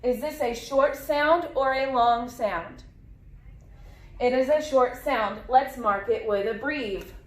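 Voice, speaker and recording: Slow-paced woman teaching phonics, echoey room. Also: high-pitched, a bit bright. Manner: slow, clear, drawn-out modeling of sounds with repetition. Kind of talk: phonics lesson for young children.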